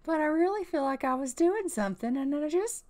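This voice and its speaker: A woman's voice: high voice, lively intonation, fairly quick, warm tone, voice pushed up. A woman voicing a forgetful, oblivious young mother in a video game, musing in an airy, distracted way.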